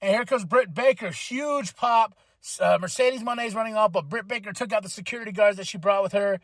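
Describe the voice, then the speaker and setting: A man's voice: sits high, a little fast, no echo. A man hosting a podcast, giving a casual and irreverent recap, swearing freely and acting out what people said. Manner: chatty and irreverent, swears freely, acts out quotes. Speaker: podcast host. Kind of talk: casual wrestling show recap.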